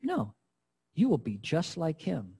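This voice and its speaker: A man preaching a sermon who voices a sly, mocking male devil tempting a woman, speaking slowly and insinuatingly in a husky voice. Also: fairly high pitch, wildly swooping pitch, mellow, big-room sound, full character voice. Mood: coaxing, mocking. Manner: coaxing, mocking, slow and insinuating.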